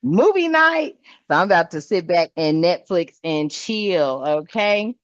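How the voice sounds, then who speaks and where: A woman's voice: fairly low pitch, animated, a little slow, no room sound, muffled recording. An older woman, host of a spiritual vlog, talking casually in a blunt, salty way, preaching and swearing and calling her viewers "family.".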